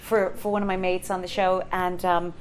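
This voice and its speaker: A woman's voice: fairly low pitch, normal speed, a little hiss or hum. Irish woman, middle-aged, chatty storyteller, lots of ums, acts out the voices. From Ireland. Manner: animated, acts out quoted voices, many fillers. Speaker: conductor and composer, guest. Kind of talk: storytelling in a live interview.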